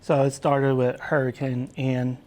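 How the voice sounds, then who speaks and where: A man's voice: mid-range voice, little pitch movement, measured pace, a little mellow. A man who is a guest chef, talking through his steps and his charity work in a plain, matter-of-fact way. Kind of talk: casual cooking demonstration.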